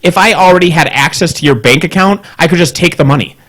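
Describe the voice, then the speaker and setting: A man's voice: on the high side, fast, a bit bright, breathy edge. A man co-hosting a podcast, telling an exasperated, profanity-laced story and mimicking both sides of a phone call. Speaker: podcast co-host. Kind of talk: casual chat, ranting anecdote.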